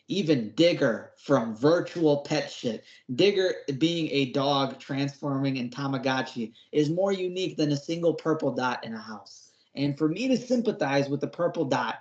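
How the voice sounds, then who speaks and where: A man's voice: medium pitch, darkish tone. A man co-hosting a podcast, giving a casual, slangy review rant, exasperated and mocking. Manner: exasperated, slangy, mocking with put-on whiny voices. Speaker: podcast co-host reviewing horror episodes. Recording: roomy, dull lo-fi sound.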